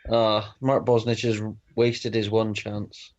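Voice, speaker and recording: A man's voice: lowish voice, level tone, slow pace, darkish tone, highs cut off. A man co-hosting casual chat on a football game stream, making dry, wry remarks. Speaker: co-host.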